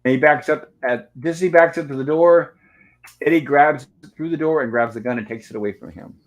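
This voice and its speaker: A man's voice: a little high, a little fast. A man hosting a live movie review, narrating the film scene by scene and reading out its lines. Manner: retells scenes step by step, reads lines aloud. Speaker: host.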